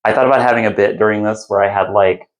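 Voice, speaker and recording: A man hosting a casual podcast, telling stories in a rambling, animated way with quick asides. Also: fairly low pitch. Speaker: podcast host giving a lecture. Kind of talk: casual chat.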